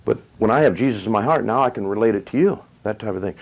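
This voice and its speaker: A middle-aged man preaching a sermon, retelling a story with dramatic pauses and rising emphasis. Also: fairly low pitch, lively intonation, low-quality recording. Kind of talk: sermon testimony.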